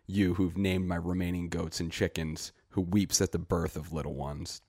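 A man reading a short story aloud and voicing a wary village herb woman who scolds in hushed tones. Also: deep voice, fairly even intonation, normal speed, gravelly, no echo, clean studio sound. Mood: urgent, scolding.

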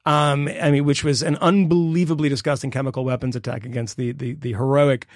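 A middle-aged man in casual political podcast chat, his voice rough with vocal fry. He rambles, then drives points home with sudden jumps in pitch. He is recorded on a close, dry mic in an average register. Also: little pitch movement, brisk, dry recording. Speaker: podcast co-host.

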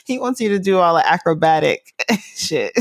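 A woman's voice: lowish voice, sing-song, moderate pace, gravelly, no echo, clean studio sound. A young woman hosting a podcast, chatting casually and teasing her partner, laughing often. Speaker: podcast host. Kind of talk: casual chat.

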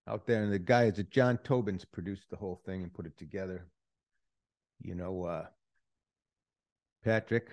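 Low-voiced man rambling through a podcast. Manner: rambling, loose, with restarts and asides. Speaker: podcast host. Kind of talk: casual podcast monologue.

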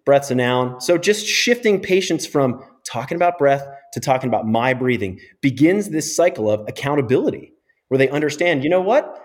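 A man's voice: mid-range voice, expressive, moderate pace. Middle-aged male physio guest, emphatic explainer, interview podcast.

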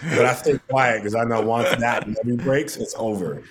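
A man's voice: medium pitch, moderate pace, few pauses, fairly bright tone, a little hiss or hum. A man in his forties, a podcast guest, talking earnestly and with self-deprecating humor in a casual chat.

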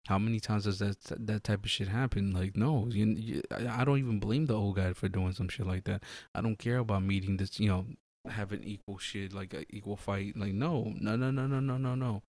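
A man's voice: lowish voice, fairly quick, no echo. A man in a casual, profane podcast chat who acts out little scenes as he talks. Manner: animated, profane, acts out bits.

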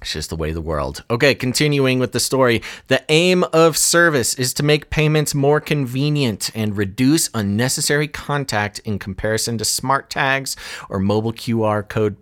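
A man co-hosting a live-streamed news talk show, chatting loosely and reading articles aloud with quick asides. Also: mid-range voice, fairly bright tone.

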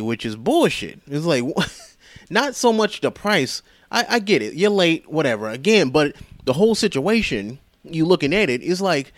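A podcast host with a slightly high voice retells a movie at a normal pace, rambling, profane and animated, quoting characters in different voices. The recording has no echo.

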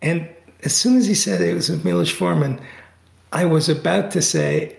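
A middle-aged man telling a story in a casual interview over a video call, animated and full of restarts, his voice jumping high when excited. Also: moderate pace, gravelly, echoey room. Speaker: guest, author and Tai Chi teacher.

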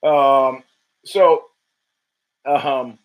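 Speaking extremely slowly in a mid-range voice, a man hosts his own podcast with a casual, profane, rambling monologue. He often restarts and throws in emphatic bursts, and the recording is low quality.

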